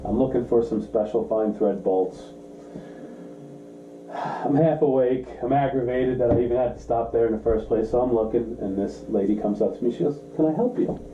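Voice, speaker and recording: A man's voice: mid-range voice, moderate pace, slight background noise. A man co-hosting a podcast, chatting casually and acting out quotes as he tells stories. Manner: animated storyteller, acts out quotes. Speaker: podcast co-host, car shop owner. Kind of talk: casual chat, storytelling. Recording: roomy, slightly dull sound.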